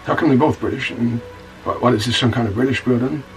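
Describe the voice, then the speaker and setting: Actor as a stammering, foul-mouthed rogue narrator, mid-pitched, off-mic. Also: male voice, fast, far from the mic, soft background music, close to an everyday voice, low-quality recording. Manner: rambling, stammering storyteller, blunt and profane. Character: rough-talking scoundrel man telling a wild story.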